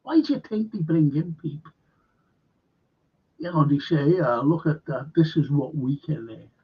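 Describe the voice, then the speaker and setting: A man's voice: fairly high pitch, expressive, unhurried, husky. An older man with a Liverpool accent, hosting a casual live football chat stream in a rambling, blunt way, swearing freely. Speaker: host. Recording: dull lo-fi stream audio.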